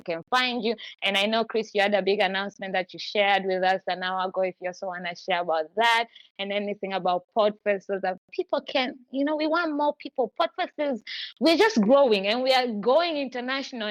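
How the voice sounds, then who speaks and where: A woman's voice: medium pitch, a bit bright, no room sound, muffled recording. A woman hosting a podcast, chatting effusively in long run-on stretches. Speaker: podcast host. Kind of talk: casual chat.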